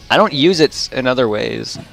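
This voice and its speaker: A man's voice: mid-range voice, vocal fry, a bit bright. A man chatting casually while streaming a game, rambling and repeating himself. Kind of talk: casual chat while gaming.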